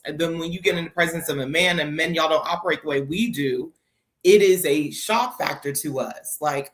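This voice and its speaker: A married woman on a live stream panel, earnest and storytelling, with many fillers. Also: low voice.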